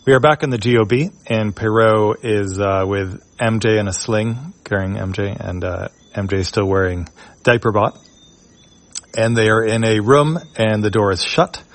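A man with a fairly low voice reads a webcomic aloud, walking through each panel. He narrates casually and loosely, often pausing on fillers. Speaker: comic reader.

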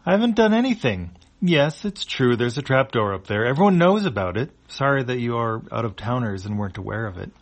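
A man's voice: mid-range voice, lively intonation, fairly quick, voice pushed up. A man voicing a smug, petty male alien who mocks stranded travelers in a comic read-aloud. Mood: mocking.

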